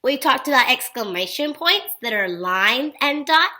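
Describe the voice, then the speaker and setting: Her voice sits high and unhurried as she leads young kids through a phonics lesson. Cheerful and generous with praise, she performs the example sentences in an exaggerated, expressive way.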